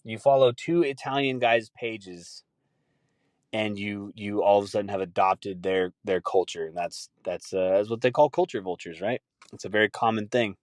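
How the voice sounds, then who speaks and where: A man's voice: fairly low pitch, fairly even intonation, normal speed, dry recording. A man hosting a podcast, ranting in a profane, casual chat and laughing easily. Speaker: podcast host.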